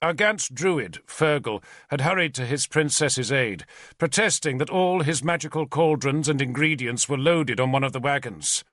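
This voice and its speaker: A man narrating an audiobook in the first person with a measured storytelling cadence. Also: mid-range voice, a bit bright, no room sound, studio quality.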